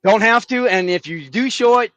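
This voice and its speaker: A man's voice: sits high, moderate pace, fairly bright tone, highs cut off. A man from San Diego telling a story indignantly as a guest in a casual chat. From San Diego, California, United States.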